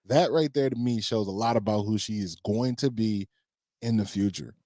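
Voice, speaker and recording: A man's voice: on the low side, normal speed, mellow, no echo, studio quality. A man co-hosting a stay-at-home dad podcast, laughing often and talking in an encouraging, reflective way. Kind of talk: casual chat.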